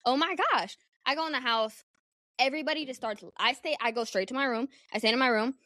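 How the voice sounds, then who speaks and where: Young woman podcast host, frank and foul-mouthed, animated, slightly high voice, dry close sound. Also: fast talker, dry recording. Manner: candid, profane, animated. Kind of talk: casual solo podcast storytelling.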